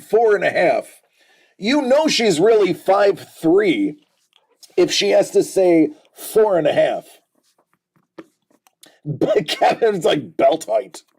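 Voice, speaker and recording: A man's voice: high-pitched, a little mellow, breathy edge. A man in his forties hosting a casual livestream, reading viewer comments aloud and joking about them. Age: 40s.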